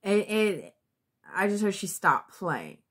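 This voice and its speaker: A woman's voice: mid-range voice, very animated, slow, breathy edge. A woman giving a casual tarot reading to her viewers, blunt and sometimes profane, thinking aloud and restarting her sentences. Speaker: tarot reader.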